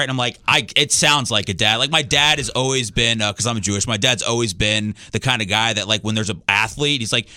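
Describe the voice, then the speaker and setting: A man's voice: lowish voice, fairly quick, hardly any pauses, sharp tone, no room sound, clean studio sound. A man in his thirties from Chicago, hosting a casual interview in a chatty, self-deprecating way. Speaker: podcast host.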